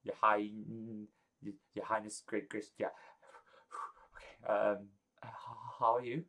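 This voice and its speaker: A flustered, lovestruck young wizard in a tabletop fantasy game, stammering and tripping over his words, as a man puts him on. The voice is soft and low. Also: little pitch movement, slow pace, exaggerated voice.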